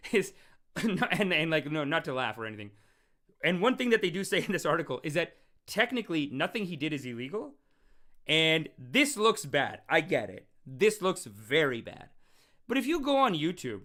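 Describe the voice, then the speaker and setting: A young man hosting a casual call-in show, rambling and animated, often restarting his sentences and acting out quotes. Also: on the high side. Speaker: show host and self-styled spiritual teacher. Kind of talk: casual livestream call-in talk.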